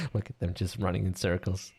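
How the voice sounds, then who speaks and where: A man commentating an online game league, chatty and bantering with viewers, with a voice getting a bit rough. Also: deep voice. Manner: chatty, animated, laughs and banters with chat.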